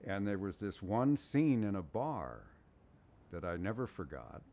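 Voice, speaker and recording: An older man with a very low, deep voice tells an interview anecdote about his work as a voice actor. He recounts it as an animated storyteller, slipping into the voices of the people he quotes. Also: unhurried.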